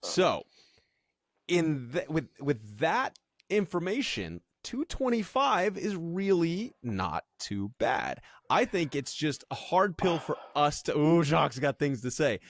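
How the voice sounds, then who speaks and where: A man co-hosting a podcast in casual chat, animated and thinking aloud with restarts. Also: fairly high pitch, slow pace, no echo. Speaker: podcast co-host.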